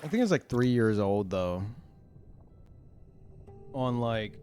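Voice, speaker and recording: A man streamer chatting casually to his viewers, rambling with lots of fillers and restarts, soft music behind him. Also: medium pitch, expressive, slow pace.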